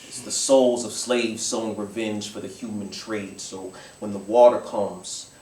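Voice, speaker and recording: A man's voice: on the low side, fairly even intonation, darkish tone, far from the mic, a little hiss or hum. Man performing spoken-word poetry in an echoey room. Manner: measured, building intensity. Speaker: competing poet. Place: museum event space with live audience. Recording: echoey room picked up from afar.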